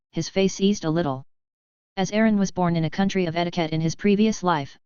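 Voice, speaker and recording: A woman reading a fantasy audiobook in an even, steady narrating voice, close to the mic. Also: fairly low pitch, smooth, no room sound. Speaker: audiobook reader. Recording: dull, lo-fi, dry.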